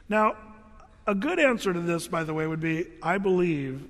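A male pastor preaching a sermon, reading scripture and explaining it in a casual, joking way, his voice dropping lower for the verses. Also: lively intonation, normal speed, fairly bright tone. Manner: conversational and jokey, drops low for read verses. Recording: long hall reverb.

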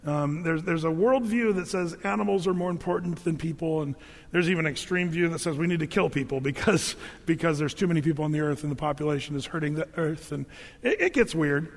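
A man's voice: fairly high pitch, a little fast. A middle-aged man, a pastor, teaching a Bible passage verse by verse in a conversational, emphatic way, often restarting his words. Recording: long hall reverb.

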